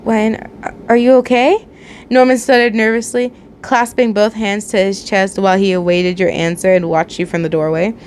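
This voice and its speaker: Young woman reading fanfic at home, chatty, laughs often, stumbles, mid-pitched. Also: fairly even intonation, normal speed, hardly any pauses, a little hiss or hum. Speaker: channel host reading fanfiction. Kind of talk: casual fanfic reading aloud.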